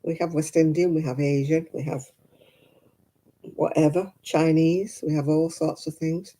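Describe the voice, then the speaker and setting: A woman's voice: deep voice, fairly even intonation, a little slow, warm tone, rough recording. A middle-aged woman, hosting a casual craft livestream, chatty and candid with frequent laughs. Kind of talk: casual live chat while knitting.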